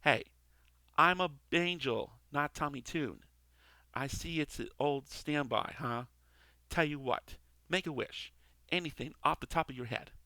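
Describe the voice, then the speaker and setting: A man reading a comic part, voicing a brash, sarcastic male guardian angel who breaks into high screams. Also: measured pace, bright, forceful tone, no echo.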